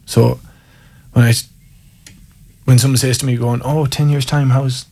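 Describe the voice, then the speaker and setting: Speaking at a normal speed in a level, mid-range voice that's mellow and slightly rough, an Irish man in his thirties with an Irish accent guests on an interview. He tells candid tales that poke fun at himself, chuckling along the way.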